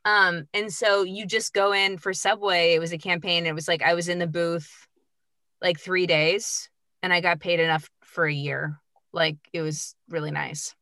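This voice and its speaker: A bubbly, chatty woman talks about her voiceover career as a podcast guest. Her voice is bright and a touch low, recorded dry and close. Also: fairly even intonation, moderate pace, no room sound. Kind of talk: casual chat.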